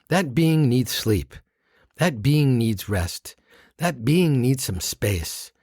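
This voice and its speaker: A man co-hosting a podcast as a meditation teacher, teaching in a relaxed conversational way with rhythmic, playful delivery. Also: mid-range voice, no echo, clean studio sound. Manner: warm rhythmic chanting of mantras, playful asides.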